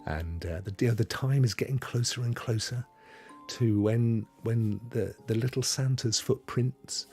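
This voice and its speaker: Guy chatting on his stream, husky voice, goofy rambly tall tales, faint music behind. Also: mid-range voice, measured pace, a little mellow. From Devon, England. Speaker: host. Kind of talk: casual livestream chat with viewers.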